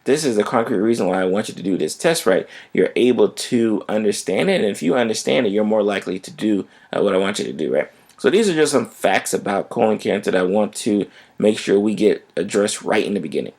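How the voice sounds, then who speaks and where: A man's voice: fairly low pitch, lively intonation, a little fast, few pauses, a little mellow. A man who is a physician, hosting a health podcast in a casual, conversational way and often checking in with "right?".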